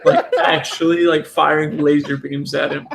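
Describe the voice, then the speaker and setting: A man's voice: a little high, flat delivery, moderate pace, gravelly, noisy background. A young man co-hosting a casual commentary chat, rambling and joking in a laid-back way. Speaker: podcast co-host. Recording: echoey room.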